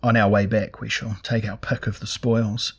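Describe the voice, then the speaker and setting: A man's voice: on the low side, moderate pace, gravelly, breathy edge. A man voicing a cold albino sorcerer lord who speaks coolly and without emotion. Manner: cool, flat, unemotional.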